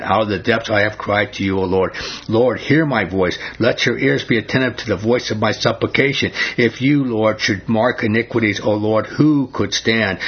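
A man's voice: on the low side, breathy edge. A man leading an informal Bible study, asking his group questions and retelling scripture in everyday speech. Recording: muffled lo-fi recording.

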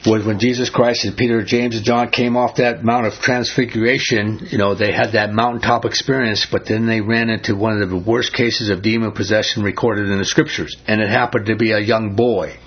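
A man's voice: lowish voice, steady tone, fairly quick, hardly any pauses, husky. A man leading an informal Bible study, asking his group questions and retelling scripture in everyday speech. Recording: muffled lo-fi recording.

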